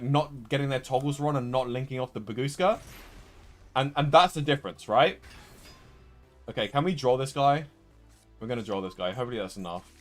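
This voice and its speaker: A young man streaming a card game live, talking through a loss with frustration and repeating himself. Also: a little high. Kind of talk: live gameplay commentary.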